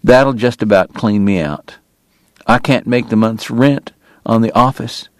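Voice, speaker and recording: A man's voice: mid-range voice, measured pace, no echo, studio quality, lightly acted. A man voicing a bitter, ailing frontier dentist who speaks in a formal, biting and strained way. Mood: despairing. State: sick, coughing.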